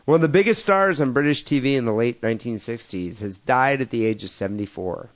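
A man's voice: mid-range voice, fairly quick. A man co-hosting a crude comedy podcast in casual chat, rambling with lots of fillers and laughing at his own jokes. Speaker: podcast co-host.

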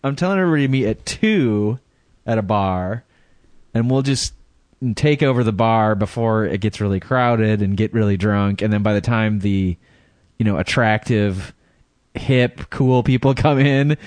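A man's voice: fairly low pitch, normal speed, darkish tone, no room sound. A man co-hosting a podcast in casual chat, laid-back and often chuckling. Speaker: podcast co-host.

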